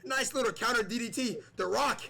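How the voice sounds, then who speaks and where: A man giving excited play-by-play commentary on a wrestling video game match, repeating the wrestlers' nicknames and yelling at the big moves. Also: very high-pitched, fairly quick, gravelly.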